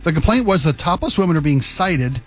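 Animated male talk radio co-host. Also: fairly high pitch, fairly quick, soft background music. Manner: animated, emotional storyteller who jokes. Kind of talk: casual talk radio chat.

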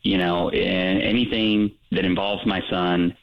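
A man's voice: sits low, little pitch movement, measured pace. A man calling into a radio show, answering defensively about his family. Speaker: caller. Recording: muffled phone line.

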